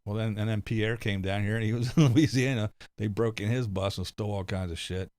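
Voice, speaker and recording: A man's voice: on the low side, steady tone, a little fast, a little mellow, no room sound, clean studio sound. A middle-aged man from the United States, hosting a casual livestream chat, rambling and often laughing and swearing. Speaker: livestream host reading chat.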